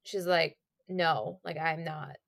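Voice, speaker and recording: A woman's voice: low-pitched, fairly even intonation, takes it slowly, vocal fry. A woman co-hosting a podcast, chatting casually and rambling with many fillers as she recalls a book. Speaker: podcast co-host. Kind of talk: casual chat.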